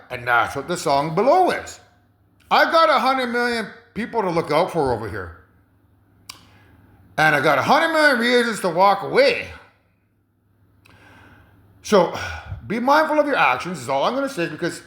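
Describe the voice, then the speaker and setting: A man with a fairly high, sharp voice comments in a hesitant, rambling monologue, chuckling and repeating himself amid many fillers. The space sounds echoey and roomy.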